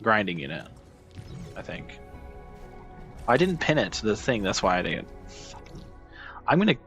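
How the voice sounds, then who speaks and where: Gravelly low-voiced man muttering through a game. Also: big pitch swings, measured pace, fairly bright tone, soft background music. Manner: self-deprecating, swearing, frustrated muttering. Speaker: gaming streamer. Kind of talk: casual gameplay commentary.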